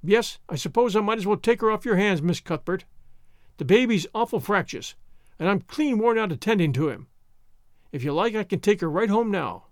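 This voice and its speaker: Sharp, stingy farm wife voiced by a man, curt and demanding, in a storybook with a lively pitch. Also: moderate pace, dry recording, studio quality.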